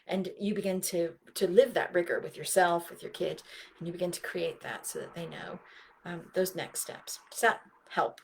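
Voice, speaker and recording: A woman giving an earnest, live-streamed talk to parents, often acting out conversations with kids and sometimes trailing off into soft asides. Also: on the low side, normal speed, vocal fry, slightly rough. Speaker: speaker for parents.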